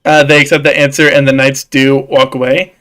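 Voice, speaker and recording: A man's voice: mid-range voice, level tone, a little fast, fairly bright tone. A man narrating a tabletop game as dungeon master, hesitant, with many fillers.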